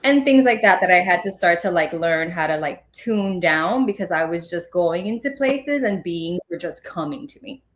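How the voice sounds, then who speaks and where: A woman's voice: lowish voice, moderate pace, few pauses, slight background noise. A woman guest on a podcast, telling personal stories in a rambling, casual way, full of filler words. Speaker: podcast guest, spiritual medium. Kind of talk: casual storytelling in an interview.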